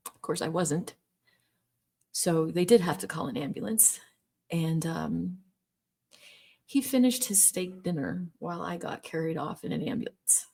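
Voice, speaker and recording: A woman's voice: on the low side, lively intonation, measured pace, gravelly, long pauses, dark tone, husky. A middle-aged woman telling a personal story in an earnest, emphatic way, repeating words for stress. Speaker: former Jehovah's Witness telling her story.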